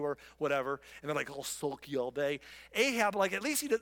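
A man teaching from the Bible in a chatty, animated way, now and then mocking the people in the story. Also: high voice, brisk, in a large hall. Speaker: preacher.

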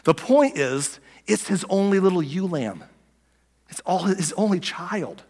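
A man preaching a sermon as a pastor, talking conversationally and dropping from loud to near-whispered. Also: high-pitched, expressive, a little slow, big-room sound.

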